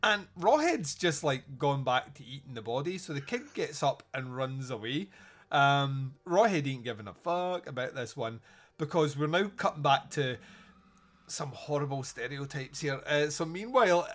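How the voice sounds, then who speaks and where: A man's voice: mid-range voice, lively intonation, moderate pace, fairly bright tone. A man hosting a podcast, recapping a movie scene in a rambling way and laughing often as he goes. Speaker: podcast host. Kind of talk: casual film review chat.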